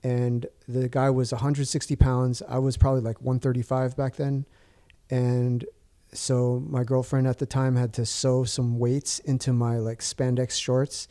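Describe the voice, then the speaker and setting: A man's voice: medium pitch, little pitch movement, unhurried, mellow. A man in his forties, a podcast guest telling a story in casual chat, rambling with restarts and fillers.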